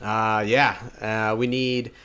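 A man co-hosting a podcast in casual chat, upbeat and quick to react. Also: lowish voice, flat delivery, bright, forceful tone, smooth. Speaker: podcast co-host.

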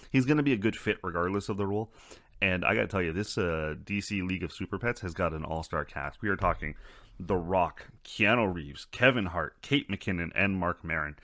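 A man's voice: low-pitched, a bit bright, dry recording, studio quality. A man hosting a casual podcast chat, swearing freely and wandering into rambling asides. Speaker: podcast host.

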